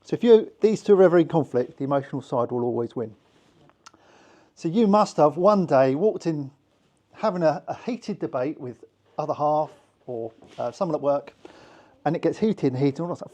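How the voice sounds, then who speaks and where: British male instructor, fairly high voice, chatty and informal, slips into quick character voices. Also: expressive, warm tone. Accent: British English. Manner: chatty, acts out little voices and scenes. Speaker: hypnosis instructor. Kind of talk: informal teaching to a small group.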